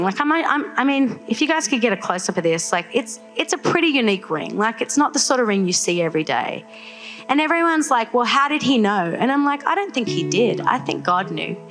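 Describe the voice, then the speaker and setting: A young woman from Australia, telling her faith story to a live audience in an animated way, full of "like"s. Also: mid-range voice. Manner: animated storytelling, many filler "like"s. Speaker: guest speaker.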